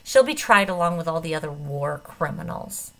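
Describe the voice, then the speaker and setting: A woman's voice: sits low, lively intonation, moderate pace, vocal fry, pushed and bright, exaggerated voice. A woman reading a curt, commanding woman.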